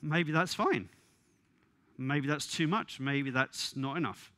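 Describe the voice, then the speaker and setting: A man's voice: a little high, pushed and bright, no echo. Wry man giving a conference talk. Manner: wry, exasperated, quick asides with laughs. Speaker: conference speaker. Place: conference venue.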